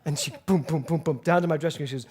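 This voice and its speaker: A man's voice: on the high side, rapid-fire, darkish tone, breathy edge. A male minister giving a Sunday sermon in a spiritual center, telling stories animatedly and laughing along the way.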